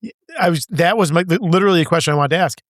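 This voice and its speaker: A man hosts a casual podcast from a studio. His voice sits somewhat high and is picked up dry on the mic. He keeps chiming in with quick agreement and questions. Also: no echo. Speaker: podcast host. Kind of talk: casual chat.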